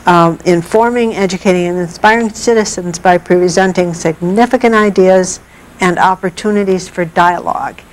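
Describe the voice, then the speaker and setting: A woman guest explaining regional art history in a measured, thoughtful way with pauses. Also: lowish voice, low-quality recording. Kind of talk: explaining in an interview.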